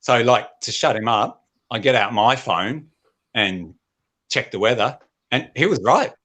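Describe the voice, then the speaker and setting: A man doing a deadpan stand-up set online, often clearing his throat. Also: mid-range voice, unhurried. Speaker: stand-up comedian.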